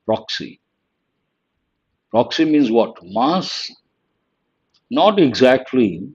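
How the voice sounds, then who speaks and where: A man's voice: medium pitch, very animated, extremely slow, darkish tone, slightly rough, dull audio. A man teaching a live online vocabulary lesson, reading out words one at a time and praising students by name.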